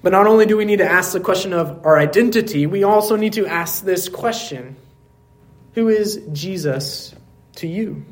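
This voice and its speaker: A man pastor preaching a sermon in a church service, earnest, asking rhetorical questions and dropping to quiet emphasis. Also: high voice, brisk, few pauses.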